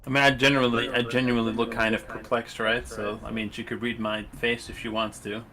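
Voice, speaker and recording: A man's voice: mid-range voice, little pitch movement, brisk, bright, forceful tone. A man playing a tabletop game, talking in a hesitant, rambling way. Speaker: player. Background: background music.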